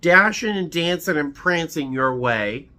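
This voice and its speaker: Bright-voiced teary man reading cards. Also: fairly high pitch, expressive, unhurried. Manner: sentimental, tearful, many fillers and restarts. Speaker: vlogger. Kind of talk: emotional casual chat, reading holiday cards.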